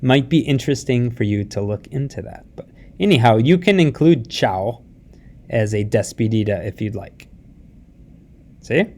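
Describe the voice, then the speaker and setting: A man's voice: medium pitch, expressive, a little mellow. A man teaching a recorded lesson, explaining step by step in a patient way and often checking in with his students. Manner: patient, explains slowly, mixes English and Spanish words; often adds a rising "see?" check-in. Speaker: Spanish teacher.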